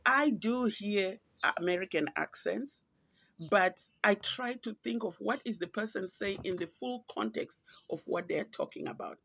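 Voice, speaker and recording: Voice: mid-range voice, a little slow, gravelly, fairly bright tone, slightly rough. A podcast host from Zimbabwe, with a Zimbabwean accent, giving earnest, reflective and pointed solo commentary. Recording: dull lo-fi, dry.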